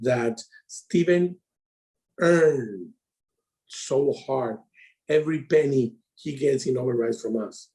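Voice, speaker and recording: A middle-aged man with a Latino accent telling his story on a call, animated and in broken English. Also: fairly high pitch, vocal fry. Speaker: insurance advisor. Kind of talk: casual call talk.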